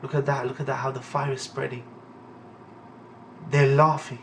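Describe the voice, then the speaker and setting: A young man reading a manga aloud and reacting in a casual, profane, excitable way. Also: medium pitch, moderate pace, far from the mic, slight background noise.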